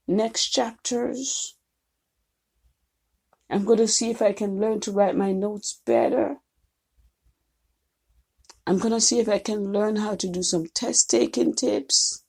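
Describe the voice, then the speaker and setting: A practical, resolute student talking through a plan to do better, voiced by a woman. The voice stays close to her own and is husky and gravelly. The delivery is steady. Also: on the high side, heavily acted. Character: determined college student planning to study.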